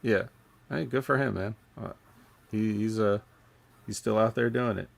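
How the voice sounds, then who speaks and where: A man hosting a casual podcast, talking in a rambling, halting way with many fillers and restarts. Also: lowish voice, vocal fry. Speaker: podcast host.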